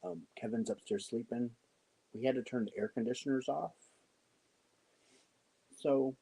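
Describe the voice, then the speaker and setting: A middle-aged man from the United States hosting a casual livestream chat from home at night, talking softly into his microphone so he won't wake someone sleeping upstairs. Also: unhurried, pauses often, poor audio. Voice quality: low, husky voice. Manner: talking softly to keep the house quiet, greeting viewers. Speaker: livestream host. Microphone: microphone worn.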